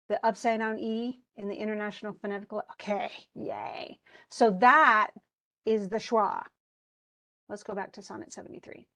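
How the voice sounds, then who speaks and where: A woman instructor giving an online class lecture over a computer mic, talking conversationally with many restarts and check-ins with the students. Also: medium pitch. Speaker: college English instructor.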